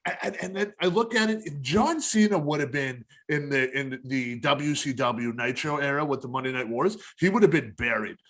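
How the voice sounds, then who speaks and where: A man's voice: mid-range voice, moderate pace, hardly any pauses, fairly bright tone. A man in his thirties co-hosting a casual wrestling talk show, blunt and opinionated, getting fired up over his points. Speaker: podcast co-host.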